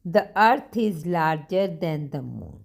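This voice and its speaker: A woman's voice: deep voice, animated, takes it slowly, gravelly. A woman teaching a grammar lesson to young children, patient, repeating each sentence and spelling words out.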